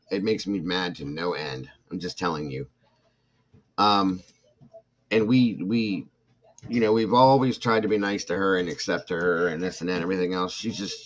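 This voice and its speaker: An older man with a very low voice hosts a casual livestream. He tells a long family story in a rambling, heated way, restarting his sentences and turning to his viewers. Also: a bit bright. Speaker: host.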